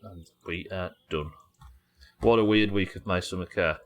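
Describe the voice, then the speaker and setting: A man's voice: low-pitched, fairly even intonation, moderate pace. A man hosting a live gaming stream, chatting casually and swearing freely as he jokes with his chat. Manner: chatty and profane, joking with chat. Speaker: gaming livestream host.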